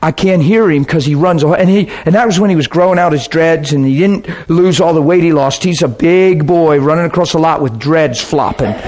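Animated storytelling preacher, a man. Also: on the high side, background noise. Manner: animated, emotional storytelling with laughter. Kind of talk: anecdotal storytelling sermon.

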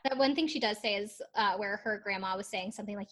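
A woman's voice: mid-range voice, fast talker, hardly any pauses, a bit bright. A woman chatting casually on a podcast, recapping a TV episode with lots of laughs and fillers. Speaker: podcast co-host. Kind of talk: casual chat recapping a TV show.

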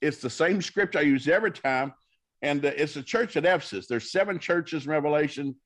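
Here a male minister guesting on a talk show tells stories with folksy, preacher-like flair, acting out quoted dialogue. He speaks a little fast, with a fairly bright, higher-than-average voice and lively intonation.

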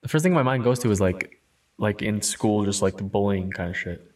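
Young man, hesitant, says "like" a lot, swears casually, lowish voice, distant mic. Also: fairly quick. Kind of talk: casual conversation.

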